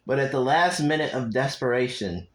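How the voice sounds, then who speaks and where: A young man with a mid-range voice and lively intonation spins a fan story on the fly at a moderate pace, casual and unscripted. He rambles, swears a lot and keeps stopping to talk straight to his viewers before picking the story back up. The recording is rough.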